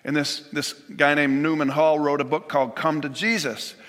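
Bright-voiced male preacher in a reverberant hall. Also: on the high side, little pitch movement. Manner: earnest, measured preaching with scripture quotes and small restarts. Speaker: pastor. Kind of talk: sermon.

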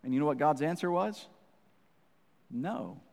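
A man's voice: high-pitched, animated, moderate pace. A man preaching a sermon as pastor, calling listeners "friend" and repeating phrases for emphasis. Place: church sanctuary. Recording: long reverb of a church hall.

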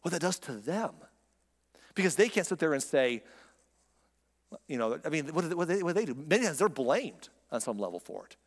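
A man's voice: on the high side, very animated, a little fast, long pauses, big-room sound. A man preaching a sermon as pastor, talking to the congregation in a conversational, emphatic way and asking rhetorical questions.

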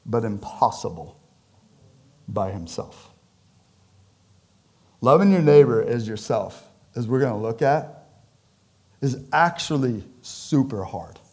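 A pastor delivers a sermon in church, animated and conversational, trading jokes with his congregation. His pitch and volume swing widely.

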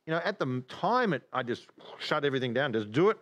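A man teaching from the Bible in casual chat, animated, with many restarts. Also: fairly high pitch, fast talker. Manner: animated, acts out regretful inner voices, many restarts.

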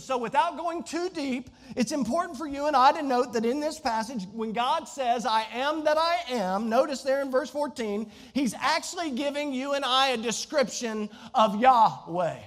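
A high, bright-pitched man with a Southern Virginia drawl preaches from the pulpit. He is animated and climbs to near-shouts when quoting scripture. His voice carries a long hall reverb around it. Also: moderate pace, hardly any pauses. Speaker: pastor. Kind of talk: sermon.

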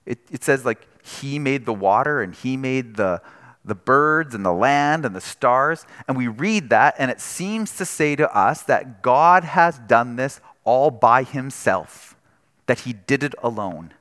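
A man delivers a sermon, explaining and checking in with his listeners as he goes. His voice sits at an ordinary middle pitch. The sound carries a long hall reverb, as in a church sanctuary. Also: animated, a little slow, a bit bright. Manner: conversational, explanatory, with frequent "right?" asides. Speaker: pastor.

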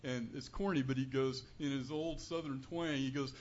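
A man giving an earnest, conversational sermon as a preacher in a church, building to louder emphasis on key points. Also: mid-range voice, steady tone, normal speed. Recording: dull lo-fi recording with faint room noise.

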